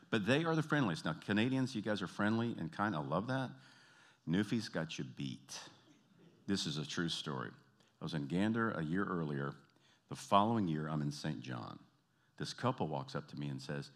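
A middle-aged man performing stand-up with a fairly low voice. He tells stories easily, slips into mimicked voices, and keeps chuckling at his own jokes. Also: big pitch swings, moderate pace. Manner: storytelling, self-amused, mimics voices. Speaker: comedian. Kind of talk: stand-up comedy.

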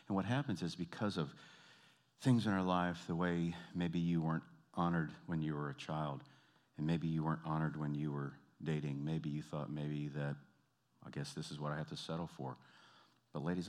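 A man with a deep, low voice delivers a storytelling sermon. He recounts a counseling session, playing out each person's lines with lively shifts, then softens into close, earnest appeals to the congregation. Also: brisk. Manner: animated storyteller, acts out quoted voices, drops to soft intimate appeals. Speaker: pastor and counselor.

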